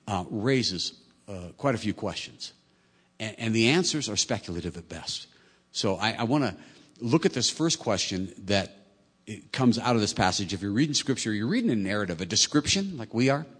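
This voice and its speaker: A husky male pastor preaching a conversational sermon in a large hall with a long echo. His pitch moves a lot as he asks rhetorical questions and eases back down. The voice is slightly breathy. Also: very animated, moderate pace, fairly bright tone. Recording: echoey hall.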